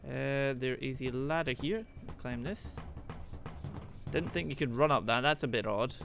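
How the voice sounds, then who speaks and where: A man's voice: medium pitch, normal speed, gravelly, fairly bright tone, soft background music. A young man casually commenting on his own gameplay, thinking aloud and exclaiming when things go wrong. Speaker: gaming video host.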